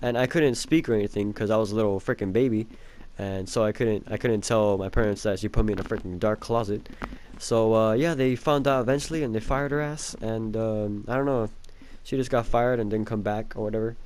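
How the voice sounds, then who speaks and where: A young man telling a childhood story in a rambling, casual way, swearing a lot and filling pauses with um and like. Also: lowish voice, fairly even intonation, a little mellow. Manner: rambling, profane, full of fillers and laughs.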